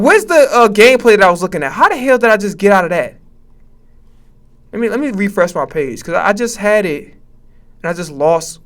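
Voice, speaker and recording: A man's voice: high voice, fairly bright tone. A man streaming live, giving reaction commentary in a profane, stammering, rant-like way from his home setup. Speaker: Twitch streamer.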